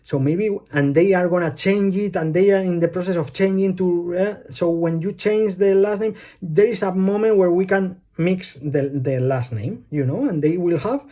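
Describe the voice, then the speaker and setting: A man with a Spanish accent, a native Spanish speaker talking English, rambling through a personal vlog monologue with many pauses and fillers. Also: high-pitched, warm tone. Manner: hesitant, many fillers, loses his thread. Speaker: vlogger. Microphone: phone.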